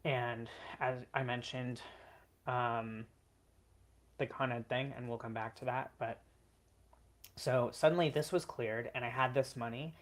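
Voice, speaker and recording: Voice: mid-range voice, fairly even intonation, a little slow, pauses often. A vlogger telling a personal story in an earnest, emotional way, with frequent "like" and "um" fillers.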